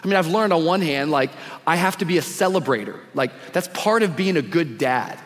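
High-voiced casual man preaching in a hall. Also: animated, brisk. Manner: casual and slangy, preaching with energy. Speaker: guest pastor. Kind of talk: live sermon. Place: church sanctuary with a congregation. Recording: long reverb of a big hall.

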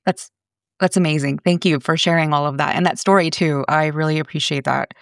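Woman interviewer, encouraging and hesitant, very low voice with vocal fry. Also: fairly even intonation, fairly quick, dry recording, studio quality. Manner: warm, encouraging, hesitant phrasing. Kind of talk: conversational interview.

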